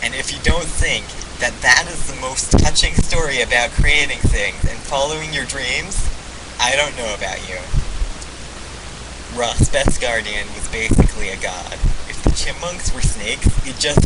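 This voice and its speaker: A man's voice: medium pitch, expressive, unhurried. A young man rambling through a mock-earnest comedy bit. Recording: loud background noise.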